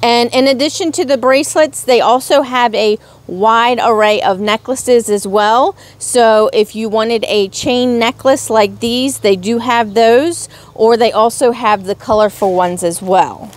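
Slow, gushing woman showing off charms. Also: on the high side. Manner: gushing, slow and drawn-out exclamations. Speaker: crafts vlogger. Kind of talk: casual haul video.

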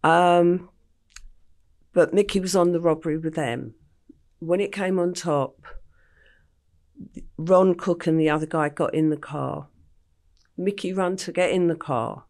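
An older woman from England, a podcast guest recounting her life story in a plain, unhurried way with frequent ums. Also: lowish voice, darkish tone.

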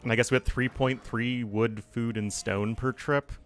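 A man talks his way through a strategy game at an easy, offhand pace, half muttering to himself. His voice sits at an ordinary middle pitch, with soft game music playing faintly underneath. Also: steady tone, moderate pace. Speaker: gaming streamer. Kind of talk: casual gameplay commentary.

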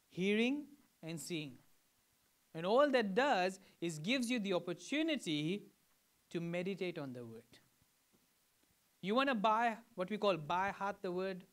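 A man from Fiji preaching a sermon to a congregation, teaching in a conversational way and often checking in with questions. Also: high-pitched. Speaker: pastor.

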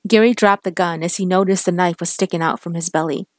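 Woman reading a crime story, low voice, close dry recording. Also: fairly even intonation, fast, no room sound. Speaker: story narrator.

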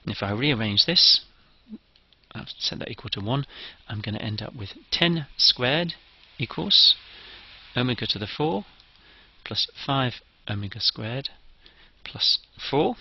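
A man's voice: medium pitch, expressive, a little slow, breathy edge, lo-fi sound. A man giving a methodical, step-by-step engineering lecture.

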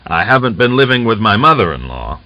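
A man's voice: fairly low pitch, sing-song, a little fast, pushed and bright, dry recording, voice pushed up. Man voicing a terse, wary Cossack soldier. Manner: terse, guarded, restrained. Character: wary, weary, starving male Cossack soldier. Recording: dull lo-fi audiobook recording.

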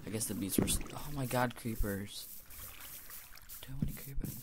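A man's voice: medium pitch, normal speed, very noisy. A man giving rambling let's-play commentary on a gaming headset, mumbling and drifting into whispered asides. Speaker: gamer commentator.

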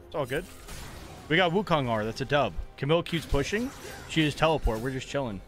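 A man's voice: medium pitch, animated, fairly quick, fairly bright tone, faint music behind. A young man casually commentating his own game live as a streamer, chatty and joking with his chat. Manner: casual, chatty, playfully mock-angry trash talk.

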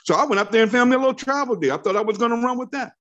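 Fervent high-pitched man in his fifties. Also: lively intonation, very fast, a bit bright, dull audio. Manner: fervent, preachy, repeats phrases for emphasis. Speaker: network marketing team leader. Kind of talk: motivational training call talk.

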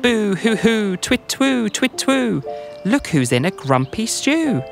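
A man's voice: high-pitched, sing-song, slow pace, creaky, faint music behind, pitched above the performer's own voice, heavily acted. A man voicing a weepy, lonely little male owl in a rhymed bedtime story, hooting and sobbing. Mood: whiny, sobbing. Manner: sobbing, hooting boo-hoo refrain.

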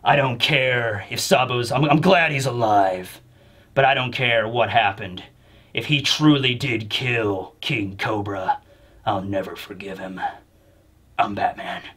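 A man voicing a grim, solemn male revolutionary leader in a low, gravelly growl, slow and hushed. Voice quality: gravelly growl, Batman-style.

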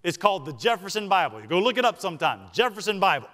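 A man with a Southern US accent, a senior pastor preaching a sermon to his congregation. He talks emphatically, slowing down to stress key words and then speeding through asides. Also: high-pitched, very animated, pushed and bright. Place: church sanctuary. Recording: long reverb of a church sanctuary.

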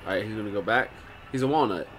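A man's voice: lowish voice, quick pace, a bit bright. A man watching a friend play a horror game, giving directions and dry teasing remarks. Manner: backseat instructions, dry teasing. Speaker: co-host gamer. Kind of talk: casual gameplay commentary.

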